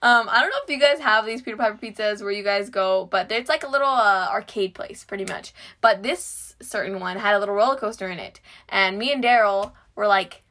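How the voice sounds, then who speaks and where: A woman's voice: medium pitch, a little fast, few pauses, sharp tone. A teenage girl co-hosting a casual podcast, chatting and giggling with many "like" fillers. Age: teens. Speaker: podcast co-host. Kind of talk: casual chat.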